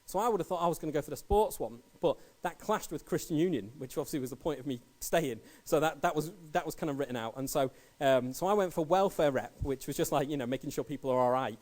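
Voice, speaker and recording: Guy in his 30s preaching, talks fast, kinda high voice, lots of funny stories. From England. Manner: storytelling, animated anecdotes. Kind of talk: sermon.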